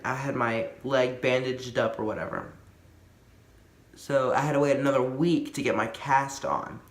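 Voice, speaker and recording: A man's voice: mid-range voice, roomy sound. A man telling a casual storytime, rambling with lots of fillers and restarts. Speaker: vlogger.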